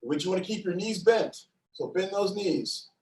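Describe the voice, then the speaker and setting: Man, exercise instructor, high voice, encouraging and playful, counting reps, roomy echo, a bit away from the mic. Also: moderate pace, darkish tone, recorded from a distance. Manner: encouraging, playful, cheers with whoops. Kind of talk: upbeat class instruction with counting.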